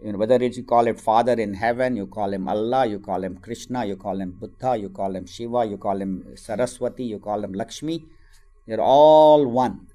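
A man's voice: lowish voice, normal speed. A man, giving a spiritual teaching on scripture and acting out a story as he tells it. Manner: animated storytelling, acts out voices in quotes.

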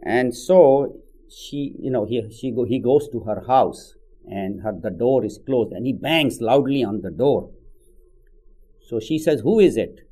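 Man, spiritual talk, mellow tone, mid pitch, conversational storytelling. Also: lively intonation, measured pace, rough recording. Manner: conversational, many "you know" asides. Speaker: spiritual teacher. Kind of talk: sermon with storytelling.

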